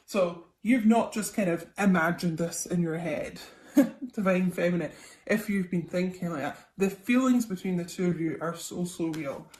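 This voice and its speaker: A woman's voice: lowish voice, normal speed, a little mellow. A young woman, a tarot reader, chatting casually through a psychic reading with lots of ums and okays. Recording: echoey room, faint noise.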